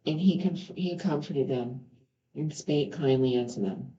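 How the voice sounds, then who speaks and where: A woman's voice: sits low, a little slow, warm tone. Earnest woman reading scripture, roomy sound. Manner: earnest, stops to react with heartfelt remarks. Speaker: Bible reader. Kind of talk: reading scripture aloud with personal commentary. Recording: roomy, slightly dull home recording.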